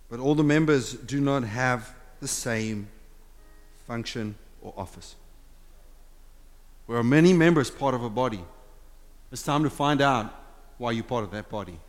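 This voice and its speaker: A man preaching a sermon as a pastor, impassioned, swinging between loud urging and hushed, intimate talk in a church sanctuary. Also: medium pitch. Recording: long hall reverb with faint music.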